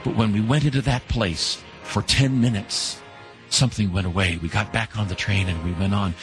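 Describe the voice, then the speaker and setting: A man telling an inspirational story in an earnest way, slowing down for emphasis. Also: lowish voice, fairly even intonation, faint music behind.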